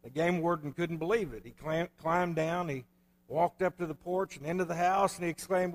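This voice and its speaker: High-voiced preacher in a reverberant church. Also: male voice, normal speed. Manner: storytelling preacher, folksy and conversational. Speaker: pastor. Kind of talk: sermon. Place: church sanctuary. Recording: long hall reverb.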